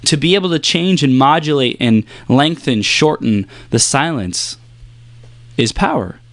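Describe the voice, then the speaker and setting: A man giving a motivational talk about silence and pacing, using deliberate pauses and shifting his pace and softness to demonstrate. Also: medium pitch, lively intonation, no room sound.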